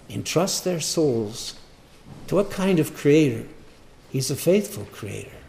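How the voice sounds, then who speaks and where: A man preaching a sermon, repeating lines for emphasis and moving between quiet asides and loud bursts. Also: a little high, big pitch swings, takes it slowly, gravelly, roomy sound, slight background noise. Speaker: pastor.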